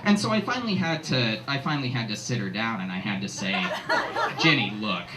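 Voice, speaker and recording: A man's voice: medium pitch, animated, a little fast. Man giving a joking wedding toast. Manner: joking, rambling, laughs often. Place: restaurant reception. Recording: echoey room with loud crowd noise.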